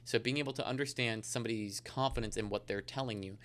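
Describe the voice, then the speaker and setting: A man's voice: mid-range voice, fairly even intonation, fast, a bit bright, a little hiss or hum. A man talking as a guest in a casual podcast interview, rambling along with many fillers. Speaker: insurance agent guest.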